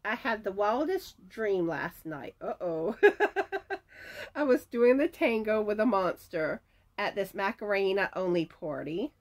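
A woman's voice: medium pitch, lively intonation, a little slow. A middle-aged woman, chatting at home as she reads viewer comments and announces giveaway winners, often laughing. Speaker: crochet channel host announcing giveaway winners. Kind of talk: casual chat, reading viewer comments aloud. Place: at home, screen door rattling in the wind.

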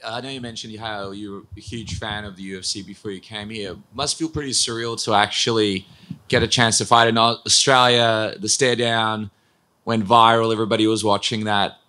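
Bright, chatty male reporter. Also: fairly low pitch, steady tone, moderate pace. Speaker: reporter asking questions. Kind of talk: press conference questions.

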